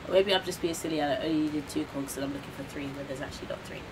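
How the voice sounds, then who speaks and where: A young woman giving live commentary on a game she is streaming, talking to herself and her viewers and gasping and shouting when something startles her. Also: low-pitched, racing, noisy background. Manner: excitable, gasping and shouting at surprises.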